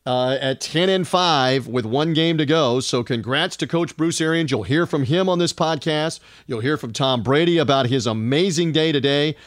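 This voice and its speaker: A man's voice: on the high side, dry recording, clean studio sound. A man hosting a sports podcast, delivering an upbeat, run-on introduction with frequent fillers. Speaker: podcast host.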